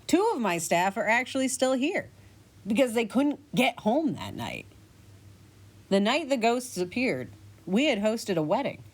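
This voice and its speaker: A woman's voice: fairly high pitch, sing-song, measured pace, voice pushed up. A woman voicing a worried male innkeeper who tells of ghosts haunting his inn.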